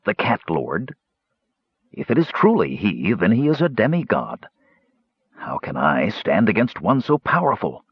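A man voicing a cool, guarded male mage who speaks in clipped, measured replies in an audiobook. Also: lowish voice, huge pitch swings, breathy edge, muffled recording, full character voice.

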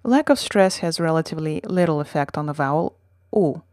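Low-voiced woman teaching a language lesson. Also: expressive, darkish tone, no room sound, studio quality. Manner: measured, explanatory reading with model words. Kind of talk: scripted lesson reading.

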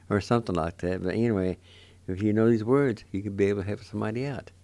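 A man's voice: on the low side, dark tone, no room sound. An older man hosting a radio show, patiently spelling and sounding out words syllable by syllable. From Cherokee Nation, Oklahoma. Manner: slow, patient, repeats each syllable. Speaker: radio host teaching Cherokee words. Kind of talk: slow spelled-out language lesson.

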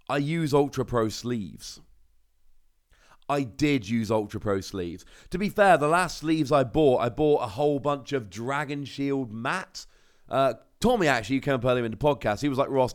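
Lively chatty Cornish podcast host. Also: male voice, medium pitch. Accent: British English. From Cornwall, England. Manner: chatty, rambling storyteller with asides. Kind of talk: casual solo podcast monologue.

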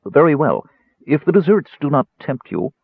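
A man voicing a smooth, mild-mannered elven high priest who is quietly menacing, on a tinny, dry recording. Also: big pitch swings, normal speed, no room sound, full character voice. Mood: silky.

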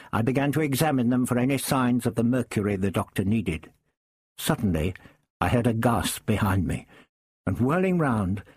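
A man reading a first-person story aloud in a measured, understated way. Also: medium pitch, a little mellow, husky, no room sound, studio quality. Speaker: audiobook narrator.

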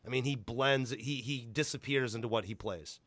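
A man hosting a podcast in loose, casual chat, excitable and profane, breaking into loud laughs. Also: medium pitch, normal speed, dry recording, clean studio sound. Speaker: podcast host.

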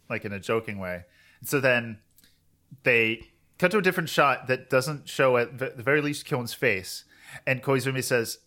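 A man's voice: medium pitch, normal speed. A man co-hosting a podcast, retelling an anime episode in a rambling, casual chat. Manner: rambling, animated retelling with quoted voices. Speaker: podcast co-host.

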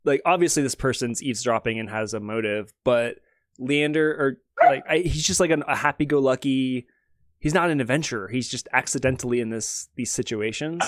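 A man's voice: mid-range voice, brisk, no echo, studio quality. A man chatting casually about how he plays his character, earnest and reflective, with many fillers. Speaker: player. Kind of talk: casual chat.

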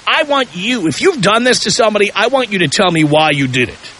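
A man's voice: high-pitched, very animated, brisk, bright, forceful tone, slight background noise, low-quality recording. A man hosting a call-in radio talk show, asking provocative questions with heavy emphasis.

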